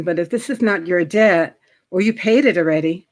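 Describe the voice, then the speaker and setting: A middle-aged woman with a New York accent talks through her work in a loose, conversational way. She fills gaps with ums, restarts her sentences and clears her throat now and then. Her voice sits a little low. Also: normal speed. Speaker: guest, credit specialist. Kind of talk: casual interview chat.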